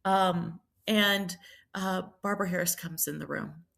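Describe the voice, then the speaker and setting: A middle-aged woman speaks in a low, gravelly voice, sharing her story as a guest on a podcast. She talks reflectively, pausing on ums and circling back to pick up her thread. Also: fairly even intonation, fairly bright tone. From Charleston, South Carolina. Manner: reflective, many ums and restarts. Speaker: priest and nurse, guest. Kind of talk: personal storytelling in a podcast interview.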